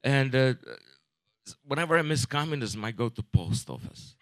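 A man in his forties performs a stand-up comedy set in a mid-range voice, rambling and deadpan, with halting restarts and swearing.

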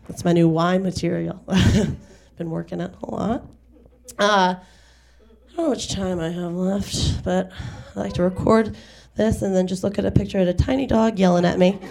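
A woman doing a wry, self-deprecating stand-up set in front of a live audience, with quick acted asides. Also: mid-range voice, creaky, darkish tone. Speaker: stand-up comedian. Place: garage venue with live audience.

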